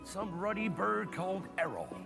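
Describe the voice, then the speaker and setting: An actor playing a gruff, kindly male half-giant groundskeeper, speaking with a West Country accent in a film scene. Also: high-pitched, lively intonation, moderate pace. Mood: grumbling. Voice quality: gravelly. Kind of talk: film dialogue. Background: loud film music.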